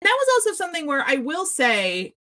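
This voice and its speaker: A woman's voice: high voice, big pitch swings, a little fast, pushed and bright, slight background noise. A woman co-hosting a TV recap podcast, ranting with profanity and many restarts in casual chat. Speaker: podcast co-host.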